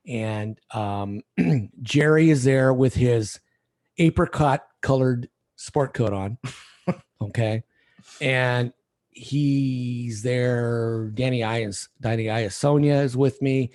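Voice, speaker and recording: A middle-aged man telling a rambling story over drinks, acting out the other people in it. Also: medium pitch. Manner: rambling, animated retelling with voiced quotes. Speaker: podcast guest.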